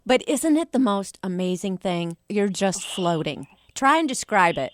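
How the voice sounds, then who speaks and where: A woman's voice: medium pitch, big pitch swings, unhurried, dry recording. A woman hosting a radio interview in a studio, engaged and asking follow-up questions. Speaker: radio host. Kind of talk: interview chat.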